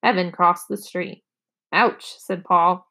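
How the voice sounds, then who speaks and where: A woman's voice: normal speed, creaky. A woman reading a children's chapter book aloud to students, narrating and lifting her voice for the kids' dialogue. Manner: expressive, raises pitch for children's dialogue. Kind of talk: storybook read-aloud.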